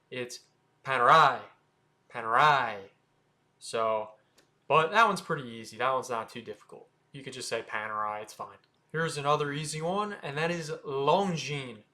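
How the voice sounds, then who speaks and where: An American man hosting a watch channel, casually explaining how to say brand names, sounding them out slowly with offhand asides. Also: on the high side, pushed and bright. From United States. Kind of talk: casual explainer talking to camera.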